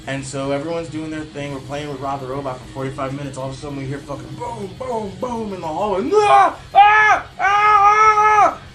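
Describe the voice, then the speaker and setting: A man telling a crude, swear-filled story in a casual comedy chat, animated and quick to act things out. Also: on the high side, over loud music.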